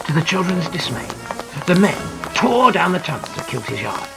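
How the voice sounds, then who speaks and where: A man reads a children's adventure story aloud in a dramatic, highly expressive manner. His voice sits high for a man and swoops widely in pitch. Clear music plays under the narration. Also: normal speed, poor audio. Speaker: audiobook narrator.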